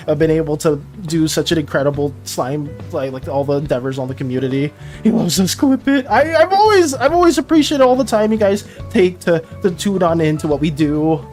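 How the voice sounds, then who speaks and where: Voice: mid-range voice, a little mellow. A streamer chatting casually with viewers while drawing, stammering and repeating words, emotional and flustered.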